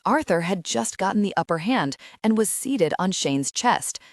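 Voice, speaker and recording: A woman's voice: mid-range voice, animated, moderate pace, no echo, clean studio sound. A woman reading a first-person audiobook aloud, telling the story expressively and giving the characters' lines voices of their own. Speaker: audiobook narrator.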